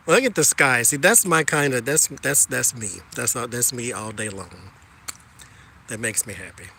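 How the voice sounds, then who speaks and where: A man casually chatting with his viewers while walking outside, animated and joking, talking to them as "y'all". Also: medium pitch, moderate pace, noisy background. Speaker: tarot reader chatting with live viewers.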